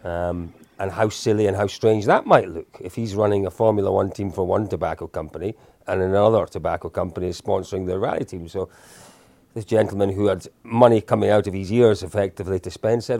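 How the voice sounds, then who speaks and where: A man's voice: low-pitched, fairly even intonation, fairly quick, mellow, dry recording. A man in his fifties, a guest telling casual stories in a chatty, self-deprecating way with lots of restarts. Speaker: interview guest. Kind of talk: casual storytelling.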